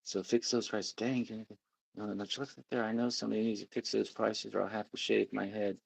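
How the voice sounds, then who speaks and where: A middle-aged man with a gravelly, low voice hosts a laid-back livestream. He rambles from one topic to the next and reads viewer comments aloud. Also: little pitch movement, a little fast, no room sound, rough recording. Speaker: livestream host. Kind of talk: casual livestream chat.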